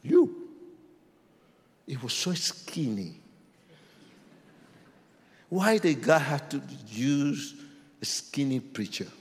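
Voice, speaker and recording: A man telling his testimony like a sermon, acting out voices and rising to shouts. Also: mid-range voice, slow pace, pauses often. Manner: animated, acts out voices, swings to shouts. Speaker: testimony speaker. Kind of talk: preached testimony storytelling. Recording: long hall reverb.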